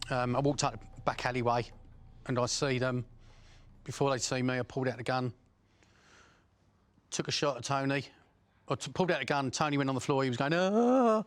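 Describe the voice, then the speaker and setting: A middle-aged man, a former criminal giving a blunt, profane account of his past, pausing often with fillers. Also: mid-range voice. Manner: blunt, profane storytelling with frequent pauses and fillers. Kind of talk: first-person recollection.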